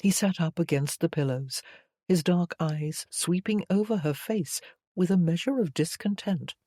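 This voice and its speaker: A woman reading a historical romance novel aloud in a measured storytelling manner. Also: on the low side, dark tone, dry recording, clean studio sound. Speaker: audiobook narrator. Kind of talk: scripted romance narration.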